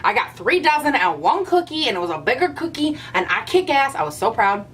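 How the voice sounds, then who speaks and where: A young woman chatting casually to her camera at home as a vlogger, animated and a bit out of breath, with playful rants. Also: high voice, a little fast. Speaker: beauty vlogger.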